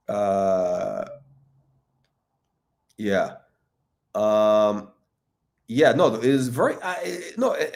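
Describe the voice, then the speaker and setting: A man's voice: mid-range voice, darkish tone. A man talking in a rambling, profane monologue, with many fillers, restarts and laughs between remarks. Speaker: watch commentator.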